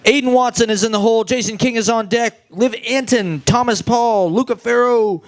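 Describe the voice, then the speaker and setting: A man emcees a comedy open mic, rattling off the names of upcoming acts. His voice sits high for a man. He keeps the announcements brisk. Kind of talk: emceeing, introducing comics.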